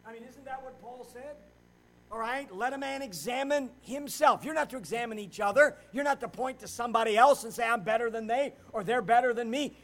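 A middle-aged pastor, preaching a sermon and swinging between loud preaching and quiet storytelling. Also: male voice, extremely high pitch, a little fast, rough recording.

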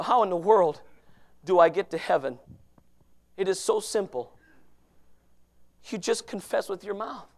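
A fervent preacher with a very high-pitched voice, swinging from shouted appeals to soft, hushed pleading. He quotes scripture in archaic wording as he urges his listeners. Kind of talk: sermon.

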